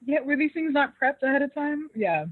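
A woman co-hosting a podcast, casually recapping an episode in an animated way with laughter. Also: sits high, brisk, no room sound. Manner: animated, laughing, acts out quoted lines. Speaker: podcast co-host. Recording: tinny phone-like dry sound.

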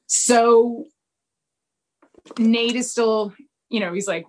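A woman's voice: mid-range voice, slow, pauses often. Chatty woman retelling a TV plot. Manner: lively retelling, acting out characters' lines with laughs. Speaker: podcast co-host recapping a TV episode. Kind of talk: casual chat.

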